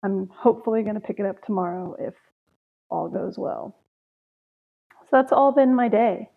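This young podcast host chats on her own about her day, sighing and laughing through the stories. Her voice is gravelly and medium-pitched with a moderate pace, and the recording sounds thin and phone-like.

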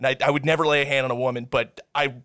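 A podcast host chats casually with friends, telling rambling stories packed with swearing, repeated stammers and silly voices. His medium-pitched voice is very fast, steady, slightly bright, clear and resonant, with no echo.

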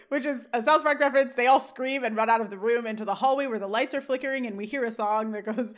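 Podcast co-host, woman, higher voice, chatty recap with frequent laughs. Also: quick pace, few pauses. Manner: laughs often, reads out dialogue while recapping. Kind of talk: casual scene-by-scene recap.

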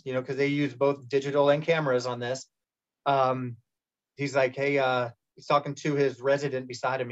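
A middle-aged man candidly telling a personal story in a casual interview, rambling with restarts and acted-out quotes. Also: mid-range voice. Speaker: guest telling his cancer story. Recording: muffled lo-fi sound.

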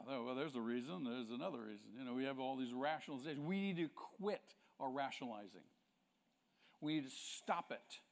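A male pastor preaching a sermon with emphasis, asking the congregation rhetorical questions. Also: a little high.

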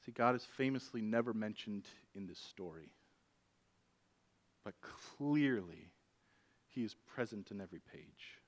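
A man preaching a sermon, retelling an old story in a lively, conversational way. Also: fairly low pitch, unhurried, long pauses.

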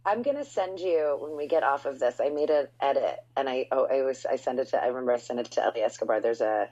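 Husky low-voiced woman, lo-fi. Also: fast. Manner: animated storytelling, swooping up in pitch for emphasis. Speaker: podcast host. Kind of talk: casual chat. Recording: dull lo-fi sound.

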